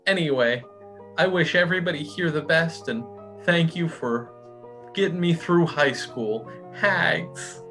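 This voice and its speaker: A man plays the teenage son of a supervillain, awkward and cutting himself off mid-thought. His voice sits a bit high. Faint music plays under the talk. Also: unhurried, fairly bright tone. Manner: awkward, self-interrupting. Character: teen son of a supervillain, dreams of acting. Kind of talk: improvised comedy character.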